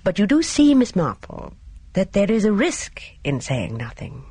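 A woman voicing a grave, cautious middle-aged man in an audiobook, speaking in a measured, grim way. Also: medium pitch, wildly swooping pitch, dark tone, husky, dry recording, exaggerated voice. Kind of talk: audiobook character voice.

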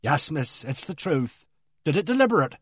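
A man voicing a housemaid who relishes bad news, speaking with dramatic gloom and knowing pauses. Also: fairly high pitch, sing-song, slightly rough, dry recording, clean studio sound, pitched above the performer's own voice. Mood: gloomy relish.

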